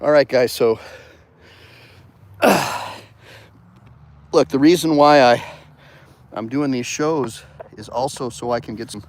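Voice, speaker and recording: Man, attorney host, casual livestream talk, walking outdoors, mid-pitched, digressive, thanks viewers. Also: slow pace, long pauses.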